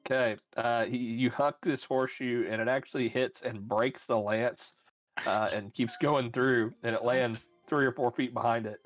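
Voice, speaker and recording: A man's voice: medium pitch, fairly even intonation, moderate pace, no echo, dull audio, faint music behind. A man narrating as game master in a tabletop game, thinking aloud with many fillers.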